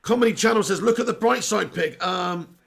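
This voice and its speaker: A man's voice: high-pitched, brisk, creaky, fairly bright tone. A young man hosting a live football watch-along, ranting in exasperation and repeating himself, his voice strained and sore.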